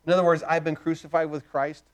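A man with a high voice delivers a sermon, reading scripture verses aloud. He keeps putting rhetorical questions to the congregation, rising to loud emphasis and dropping low and quiet. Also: level tone, quick pace, clean tone. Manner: emphatic preaching, asks the crowd rhetorical questions, swings loud and soft. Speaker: pastor.

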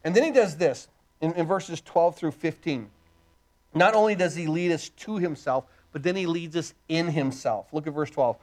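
A man's voice: fairly high pitch, normal speed. A man preaching a sermon, reading scripture and asking the congregation emphatic rhetorical questions. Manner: emphatic preaching, asks the crowd rhetorical questions, swings loud and soft. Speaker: pastor.

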